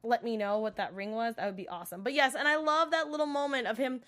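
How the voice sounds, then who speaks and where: A woman's voice: a little high, steady tone, quick pace, fairly bright tone. A young adult woman recapping a TV episode in a casual, gushing way, full of "like" and "you know". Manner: gushing, filler-heavy, lots of "like" and "you know".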